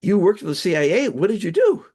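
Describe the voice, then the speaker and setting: A man voicing an amazed male driver who keeps asking excited, incredulous questions, as part of a joke he tells. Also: sits high, fast talker, pitched above the performer's own voice, full character voice.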